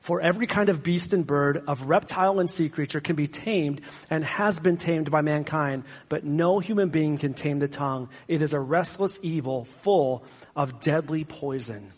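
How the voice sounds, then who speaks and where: A man's voice: a little high, moderate pace, husky. A man preaching a sermon as pastor, conversational and self-deprecating, with sarcastic asides. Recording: long hall reverb.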